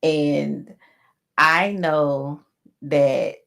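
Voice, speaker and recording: A woman co-hosting a podcast, giving a slow, reflective, faith-based closing message with many pauses. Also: low voice, steady tone, creaky, fairly bright tone. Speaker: podcast co-host.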